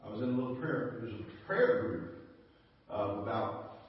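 A man's voice: medium pitch, normal speed. A man preaching a storytelling sermon in a folksy, chuckling way that rises to fervent exhortation. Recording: echoey church hall from far off, dull.

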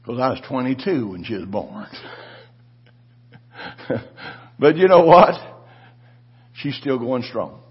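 A pastor in his seventies telling a testimony in a sermon, his voice rising to shouted declarations. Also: medium pitch, sing-song, slow, pauses often, breathy edge, dull audio.

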